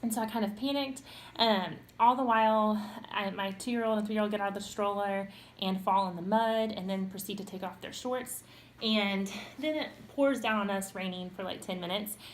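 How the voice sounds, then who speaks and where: A woman's voice: medium pitch, fairly even intonation, moderate pace, slight background noise. A young woman talking casually to camera about parenting, chatty and full of little ums and restarts. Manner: chatty, with frequent ums and self-corrections. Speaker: parenting vlogger.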